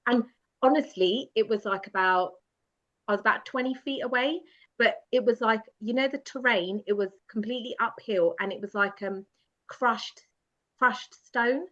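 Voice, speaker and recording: A woman guest telling a personal story in a lively, self-mocking way, often laughing as she goes. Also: a little high, moderate pace. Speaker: podcast guest. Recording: dull lo-fi sound.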